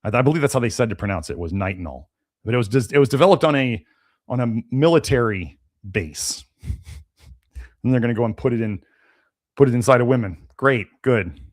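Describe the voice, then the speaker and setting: A man's voice: mid-range voice, expressive, a little fast, long pauses. A man hosting a live-stream Q&A, answering chat questions in a casual, rambling way with many fillers and restarts, and sounding a little congested. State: slightly congested, sneezy. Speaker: host of a health podcast.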